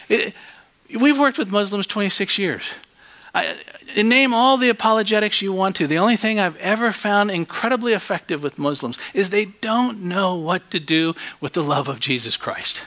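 A man preaching a sermon, telling a story and swinging from hushed tones to loud outbursts. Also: high-pitched, lively intonation, normal speed.

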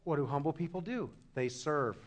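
A man with a high voice delivers a sermon as pastor. His preaching is impassioned, rising to loud emphasis and falling to near-quiet lows. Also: moderate pace.

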